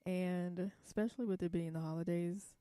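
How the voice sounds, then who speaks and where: A woman's voice: on the low side, fairly even intonation, normal speed, dark tone, clear, resonant tone, no echo, studio quality. A young woman from California talking casually in a vlog, blunt and profane, rambling with many fillers. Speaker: vlogger.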